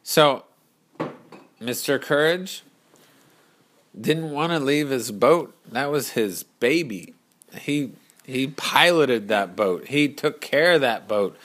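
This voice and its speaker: Slow, bright-voiced male storyteller. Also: mid-range voice, expressive. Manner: unhurried, explanatory, with restarts. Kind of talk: improvised oral storytelling.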